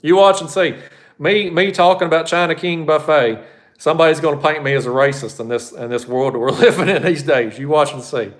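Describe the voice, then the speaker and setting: A man's voice: fairly high pitch, brisk. A man hosting a fishing channel, answering viewer questions on a live stream in a blunt, folksy, rambling way.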